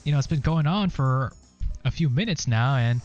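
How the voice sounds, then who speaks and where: A man putting on the voice of a worried passerby who asks earnest, puzzled questions in a raised pitch. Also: lively intonation, moderate pace, darkish tone, dull audio, soft background music, lightly acted. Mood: concerned. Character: worried adult passerby asking about the noise.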